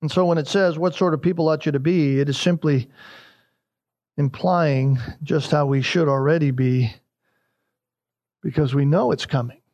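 A man's voice: on the high side, steady tone, normal speed, pauses often, a little mellow. A man preaching a verse-by-verse sermon, emphatic and repeating his key lines. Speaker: pastor.

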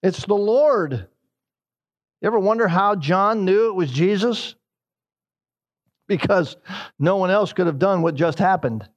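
A man preaching a sermon in an expressive way, dropping his voice low and slow for emphasis. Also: lo-fi sound.

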